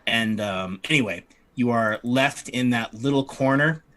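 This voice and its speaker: A man narrating as dungeon master, relaxed and halting with fillers. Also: medium pitch. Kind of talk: narrating a tabletop game.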